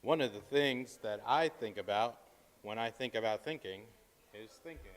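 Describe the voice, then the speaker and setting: A man's voice: fairly low pitch, normal speed. A man hosting, checking his microphone before a stream, repeating test lines in a loose, joking way. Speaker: host. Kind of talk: casual mic check before a livestream.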